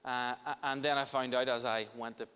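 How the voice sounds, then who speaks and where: A man's voice: mid-range voice, steady tone, a little fast, sharp tone, clear, resonant tone, in a large hall. A man preaching a sermon as pastor in a church, impassioned, often restarting and repeating words.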